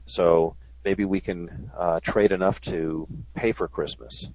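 A man's voice: deep voice, fairly even intonation, slow, a little mellow, no room sound. A man on a radio talk show, a trader who talks in an earnest, rambling way. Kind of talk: casual radio chat. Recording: dry, dull lo-fi sound.

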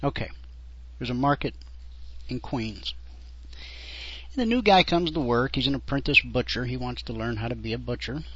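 A man hosting a radio talk show, telling a story in an animated way. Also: mid-range voice, moderate pace, pauses often, a little hiss or hum. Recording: dull lo-fi radio sound.

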